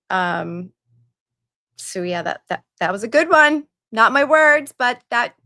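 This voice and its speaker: Bright, slow-talking woman streamer. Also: mid-range voice, vocal fry, no echo, clean studio sound. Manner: chatty, reads viewer messages aloud with asides. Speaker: livestream host reading donations. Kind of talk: casual livestream chat.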